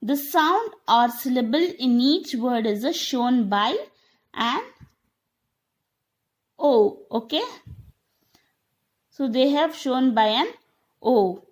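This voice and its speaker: Woman teacher, unhurried, checks in with the class often, non-native English phrasing. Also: sits high, lively intonation. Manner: slow, repetitive, checks understanding with "okay?". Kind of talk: online classroom lesson.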